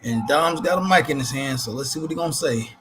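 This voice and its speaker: A relaxed man hosts a live stream in a casual, easygoing chat. His voice sits at an ordinary middle pitch, and faint noise hums behind it. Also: fast talker. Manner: laid-back, says "man" constantly, breaks into laughter.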